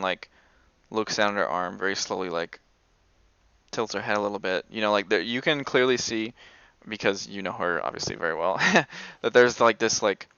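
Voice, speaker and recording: A man's voice: lowish voice, bright, forceful tone, clear, resonant tone, no echo, highs cut off. A man narrating a tabletop game as game master in a rambling, filler-heavy way.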